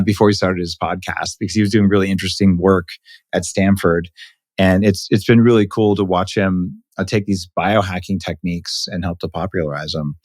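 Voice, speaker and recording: Animated, opinionated male podcast host. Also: low-pitched, dry recording, clean studio sound. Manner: animated, opinionated, quick asides. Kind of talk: casual interview chat.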